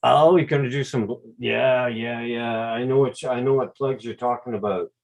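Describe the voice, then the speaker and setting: A man with a Quebec accent, hosting a relaxed, rambling livestream chat over a video call with some mild swearing. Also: mid-range voice, moderate pace, gravelly, dull audio. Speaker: drone channel host.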